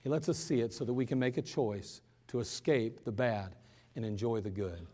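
A man preaching an impassioned sermon in a church, swinging between loud urgent pleas and quiet hushed moments. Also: mid-range voice, moderate pace, in a large hall. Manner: impassioned preaching, rising and falling in force. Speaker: pastor.

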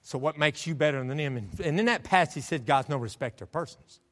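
A male pastor with a slightly high, fairly bright, expressive voice delivers a fervent sermon at a quick pace. Preaching in a church sanctuary with heavy echo, he calls for the congregation to respond.

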